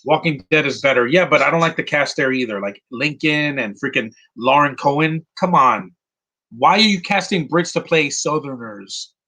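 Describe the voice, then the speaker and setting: Talking over a movie as it plays, a male commentator rambles from gripe to gripe, full of "uh"s, false starts and restarts. His bright, slightly husky voice sits a little high, with lively intonation and a moderate pace, and he stays blunt and opinionated. The recording is rough.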